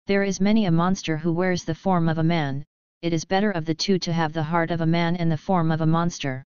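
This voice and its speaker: A woman reading as a sad, gruff beast. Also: deep voice, steady tone, quick pace, darkish tone, no room sound, highs cut off, lightly acted. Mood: melancholy. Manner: sad, awkwardly polite. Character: gentle, sorrowful male beast, a monster.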